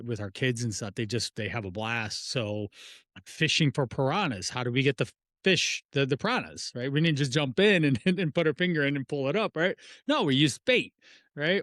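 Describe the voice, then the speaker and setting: Recorded dry with studio quality, a medium-pitched middle-aged man chats on a podcast. He's a fitness and nutrition coach who wanders through analogies and rhetorical questions, often restarting phrases.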